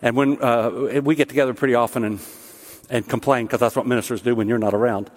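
A man's voice: medium pitch, steady tone, fast. Preaching man in a reverberant church hall. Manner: conversational preaching with rising emphatic peaks. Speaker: pastor. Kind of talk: sermon.

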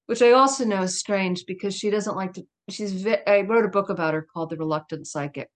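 A woman's voice: mid-range voice, a little fast, few pauses. A middle-aged woman speaking as a guest in an interview, telling a personal story in a candid, emphatic way with laughs and asides.

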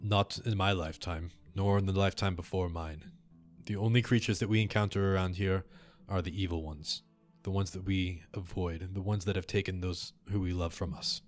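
A man's voice: sits low, fairly even intonation, moderate pace, faint music behind, lightly acted. A man voicing a stern old male chief of earth creatures who speaks in a formal, commanding way. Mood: grave.

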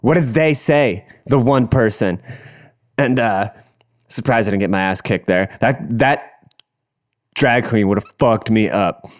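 Smooth-voiced young man telling stories. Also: fairly low pitch, unhurried, pauses often. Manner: profane, rambling, laughing. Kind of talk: casual storytelling.

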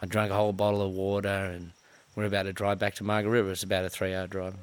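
Australian bloke in his 30s, lowish voice, swears freely, mocks himself, animated yarn-spinner. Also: racing, clear, resonant tone. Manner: profane, self-mocking, animated storyteller. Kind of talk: casual storytelling.

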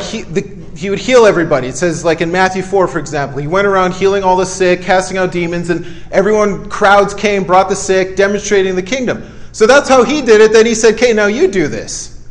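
High-voiced man preaching conversationally. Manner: conversational, keeps checking in with listeners; emphatic, punchy short phrases. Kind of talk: sermon.

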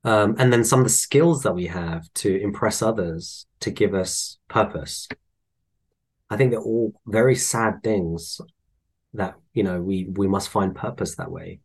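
A man, chatting casually and telling animated anecdotes. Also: lowish voice, a little slow, slightly rough. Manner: animated storyteller, acts out voices in anecdotes. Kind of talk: casual conversation.

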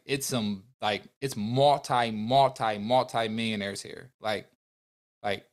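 Earnest young man telling a story. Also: mid-range voice. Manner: earnest, animated, faith-filled, acts out dialogue. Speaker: podcast guest. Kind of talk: emotional personal storytelling.

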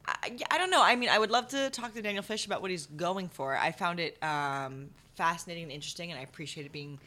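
Co-hosting a podcast, a young woman casually discusses a stage show, hedging a lot with fillers. Her voice is fairly low and sharp, and she talks fast.

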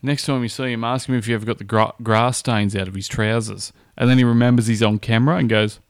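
A man's voice: mid-range voice, steady tone, fast, smooth, no echo, studio quality. A man co-hosting a podcast, reacting to a clip with blunt, crude jokes. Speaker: podcast co-host. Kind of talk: casual reaction chat.

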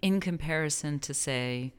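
A woman from New Mexico with a deep voice chats casually on a podcast. She wanders through her thoughts, breaks off mid-sentence and laughs easily. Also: measured pace, clean tone. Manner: rambling, self-correcting, laughs often. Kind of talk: casual conversation.

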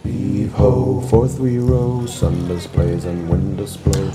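A man voicing a drunken pirate who sings a slow, rowdy sea shanty. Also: deep voice, level tone, loud music behind the voice.

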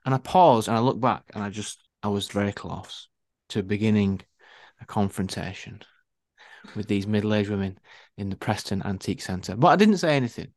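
A man tells a wry story on a casual podcast, leaning into animated emphasis. His voice sits a little low, and the sound is dry and close. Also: brisk, no echo. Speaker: podcast co-host.

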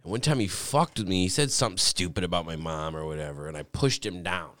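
A man's voice: quick pace, a bit bright. A man telling rowdy stories in casual chat, swearing a lot, laughing and squealing out other people's lines. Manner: profane, laughing storyteller; acts out voices with high squeals.

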